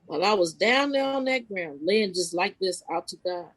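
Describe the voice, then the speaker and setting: A woman appears as a guest on a podcast, a spiritual life coach recounting a spiritual experience loosely and informally. Her pitch leaps sharply at the dramatic moments, and her casual phrasing is full of restarts as she tells this personal story in conversation. She speaks at normal speed, animated and expressive, on a rough recording.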